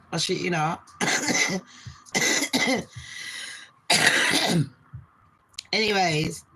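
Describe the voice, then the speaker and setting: A British woman in her forties rattles off a live-stream chat from her bedroom, quick and profane. She calls her viewers babes and jumps from topic to topic. A faint hum of noise sits under her mid-pitched voice. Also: bright, forceful tone, rough recording. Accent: British English. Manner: fast, sweary, chatty, addresses viewers as babes.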